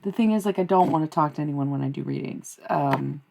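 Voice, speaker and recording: Brisk and low, her voice carries vocal fry and a darkish tone. A young woman who streams and reads tarot, she rambles to her live viewers in a blunt, profane way, one moment ranting and the next laughing.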